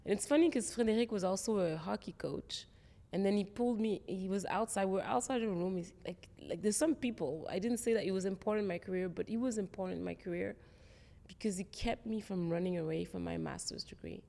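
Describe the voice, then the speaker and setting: A woman's voice: medium pitch, fairly quick, vocal fry, mellow, long reverb tail. A woman being interviewed about her career, talking in an earnest, reflective way. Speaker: guest, tech executive. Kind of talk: interview conversation.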